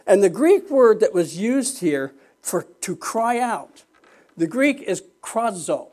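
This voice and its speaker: An older man preaching a sermon as pastor, fervent and rising to shouts, with restarts and self-mocking laughs. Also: high-pitched, sing-song, takes it slowly.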